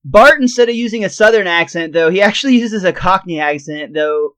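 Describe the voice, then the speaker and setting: A man's voice: high-pitched, brisk, fairly bright tone, smooth. A man co-hosting a podcast, retelling a cartoon episode scene by scene in casual chat and laughing often. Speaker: podcast co-host.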